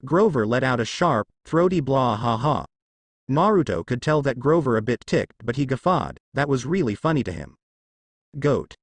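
Expressive man reading fan fiction. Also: mid-range voice, normal speed, no echo. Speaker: narrator.

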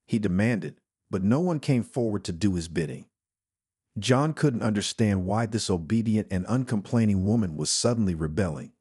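Low-voiced male story narrator. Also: animated, normal speed, darkish tone, breathy edge, dry recording, clean studio sound. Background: faint music.

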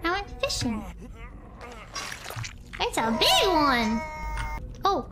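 Very high-voiced woman streamer, creepy murmurs. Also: huge pitch swings, slow, over loud music. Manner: drops into creepy low murmurs, then squeals and laughs. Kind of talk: live gameplay commentary.

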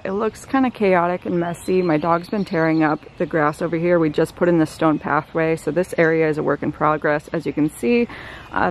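Low-voiced woman chatting through her garden. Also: a little hiss or hum. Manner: chatty, relaxed, filler-heavy. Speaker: gardening vlogger. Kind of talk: casual walk-through vlog. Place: outdoor backyard garden, windy.

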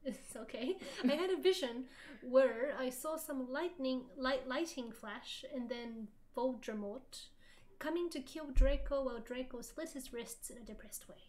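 High-voiced woman reading with giggly amusement. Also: unhurried, a little mellow. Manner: giggly, amused, theatrical narration. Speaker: livestream co-host reading fan fiction aloud. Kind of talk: comedic dramatic reading with banter.

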